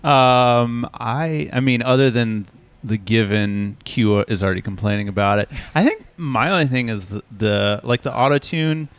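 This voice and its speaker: A man's voice: medium pitch, normal speed, hardly any pauses, clear, resonant tone. A male co-host on a music review stream, laughing often and giving technical feedback on mixes. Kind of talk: casual stream chat.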